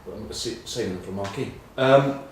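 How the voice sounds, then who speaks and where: A man's voice: fairly low pitch, normal speed, very echoey, recorded from a distance, a little hiss or hum, low-quality recording. A middle-aged English man telling rambling, self-mocking rugby stories in casual chat. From England. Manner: rambling, self-mocking anecdotes with many ums. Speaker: rugby pundit.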